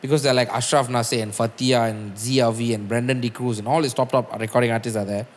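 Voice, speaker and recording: A man tells stories as a guest musician on a casual podcast, animated and swearing freely. His medium pitch rings out with a long reverb tail. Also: fast.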